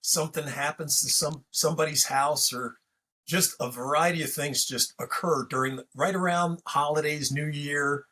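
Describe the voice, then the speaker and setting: A man's voice: a little high, fairly even intonation, moderate pace, sharp tone. A man hosting a podcast, telling a story in a rambling, casual way full of fillers and restarts. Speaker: podcast host.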